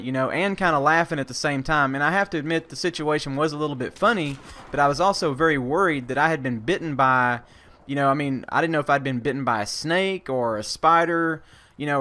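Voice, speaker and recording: A man's voice: fairly high pitch, pushed and bright. A man, an army veteran vlogger, telling a casual story, rambling with many fillers and restarts and casual swearing.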